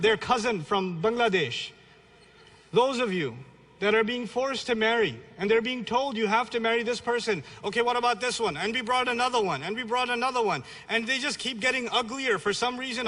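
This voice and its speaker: A man's voice: very high voice, fairly bright tone. A man in his thirties from a Pakistani family raised in New York City, giving a blunt, humorous religious lecture. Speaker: Islamic lecturer. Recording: long reverb of a lecture hall.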